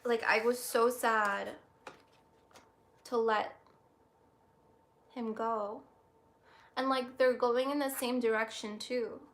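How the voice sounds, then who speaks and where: Woman with a slightly high voice, reading tarot on a stream; soft, halting, emotional. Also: fairly even intonation. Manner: soft, reflective, halting with many restarts. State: close to tears. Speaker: tarot reader.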